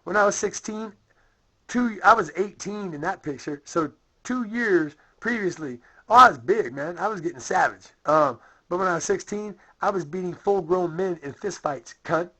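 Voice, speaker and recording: Husky man ranting bitterly. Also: sits high, normal speed, a bit bright, low-quality recording. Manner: bitter, profane, rambling with many fillers. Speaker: vlogger. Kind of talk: profane angry rant to camera.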